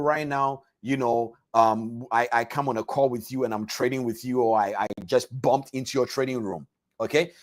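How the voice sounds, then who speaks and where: A man coaching traders in a live online masterclass, talking straight to his listeners, repeating words and phrases for emphasis and asking them questions as he goes. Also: mid-range voice. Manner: addresses listeners directly with questions. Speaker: trading coach.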